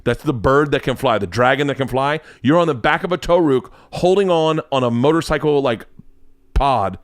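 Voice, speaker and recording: A comedian in his forties telling a rambling story in a casual, excitable, profane way. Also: medium pitch, moderate pace, no room sound.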